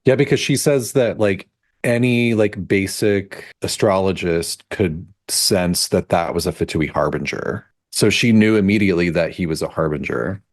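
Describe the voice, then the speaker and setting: A woman's voice: extremely low pitch, moderate pace, dry recording, studio quality. A woman co-hosting a podcast in casual chat, thoughtful and raising questions. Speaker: podcast co-host.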